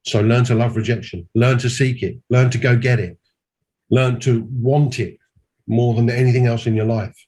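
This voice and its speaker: A man's voice: mid-range voice, steady tone, normal speed, a little mellow, slightly rough. A man giving a mentoring talk, emphatic and repeating his key points. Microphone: call audio.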